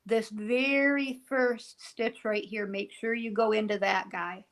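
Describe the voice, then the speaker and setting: A woman's voice: a little high, fairly even intonation, slow, low-quality recording. A woman co-hosting a live crochet stream, chatting casually, laughing often and walking viewers through stitches. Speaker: co-host of a crochet livestream. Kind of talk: casual chat and crochet instruction.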